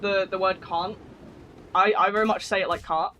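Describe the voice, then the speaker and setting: A man's voice: high voice, fairly even intonation, normal speed, pushed and bright, a little hiss or hum. A man with a northern English accent and a thick voice, live streaming a game in a rambling, slangy, casual chat with viewers. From northern England.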